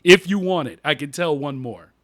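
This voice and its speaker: A male podcast co-host spins stories in a casual chat, laughing often mid-tale and drawing out his punchlines. His voice is on the high side and he speaks at a normal speed. There's no room sound in the recording.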